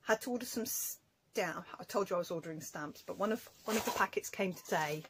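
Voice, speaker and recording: A woman's voice: lowish voice, a little fast, noisy background. A woman vlogger chatting casually as she shows off her crafts and stamps, rambling and correcting herself. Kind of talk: casual show-and-tell chat.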